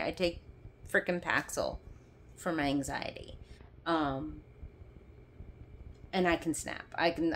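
Young woman, angry sarcastic rant, swearing, bitter laughs, unhurried delivery, phone recording. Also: mid-range voice, a bit bright. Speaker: vlogger. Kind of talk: angry personal rant to camera. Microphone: phone camera.

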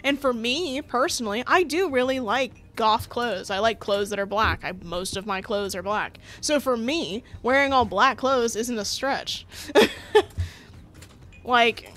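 A young woman chatting casually while playing a story game, animated, laughing often and swearing when annoyed. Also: fairly high pitch, unhurried. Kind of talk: casual gameplay commentary.

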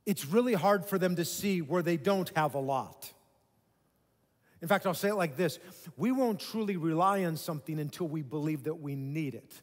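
Emphatic male pastor in a reverberant hall. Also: fairly high pitch. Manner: emphatic, conversational preaching with dramatic pauses. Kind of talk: sermon. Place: church sanctuary.

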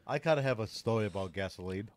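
A man's voice: on the low side, lively intonation, fast, dry recording. A man in casual podcast chat who laughs often and halts while searching for words.

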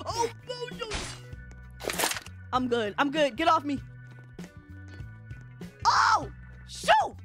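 A woman's voice: high-pitched, a bit bright. A woman streaming a game live, talking casually to her chat and often shrieking and laughing. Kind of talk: live gaming commentary.

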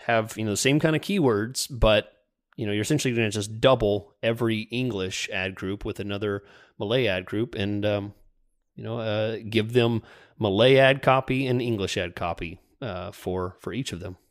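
A man's voice: fairly low pitch, normal speed. A man co-hosting a podcast in casual chat, easygoing, laughing often and restarting his sentences. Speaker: podcast co-host.

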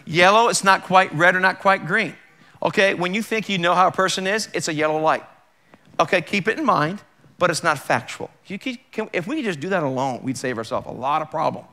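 A male pastor with a high, sharp-toned voice delivers a sermon in church. He speaks conversationally but with emphasis, leaning on plenty of rhetorical questions.

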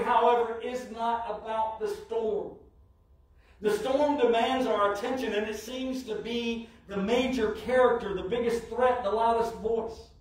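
A man with a high voice preaches slowly, leaning on each phrase with dramatic pauses. The sound rings heavily around a church sanctuary, as if the microphone sits well away from him. Every word carries the measured cadence of a Sunday sermon. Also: a little mellow. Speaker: pastor. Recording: very echoey church, mic from far off.

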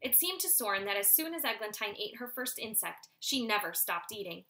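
A woman reading a children's novel aloud in steady storytelling narration. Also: mid-range voice, brisk. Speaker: audiobook reader. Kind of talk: scripted audiobook narration.

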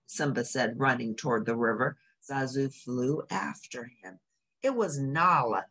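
A woman reading a children's storybook aloud with an expressive, animated delivery. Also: a bass voice, measured pace.

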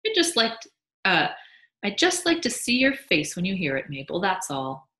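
A woman's voice: lowish voice, very animated, moderate pace, pushed and bright, pitched above the performer's own voice. Woman reading as smug grinning beekeeper husband. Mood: teasing. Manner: teasing, pleased with himself. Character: sly, smug male beekeeper, grinning and boastful. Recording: echoey room.

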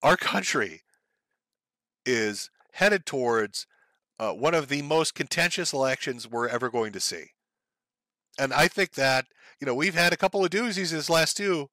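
A fired-up man rants about current events in a bright, forceful voice. His delivery is profane and sarcastic, with mocking impressions dropped in. The sound is close and dry, with no room behind him. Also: a little high, no echo. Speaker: commentary streamer. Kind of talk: ranting political commentary.

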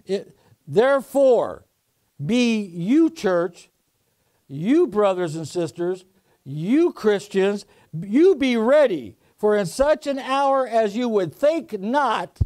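A man preaching a sermon to a congregation, going from low, quiet storytelling up to loud shouted warnings. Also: very animated, slow. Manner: preaching with swings from soft to shouting. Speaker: pastor.

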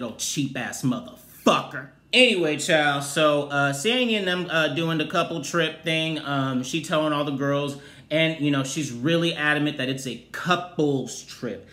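A man giving a sassy, profane recap of a reality show, with loud exclaimed outbursts. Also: fairly high pitch. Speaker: TV recap host. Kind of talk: casual review commentary. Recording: roomy echoey room.

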